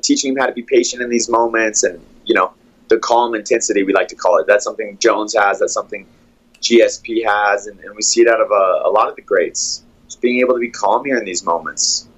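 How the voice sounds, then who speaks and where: A man who coaches fighters, calmly breaking down fight footage play by play in a steady, analytical way. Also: on the low side, brisk, breathy edge, dull audio.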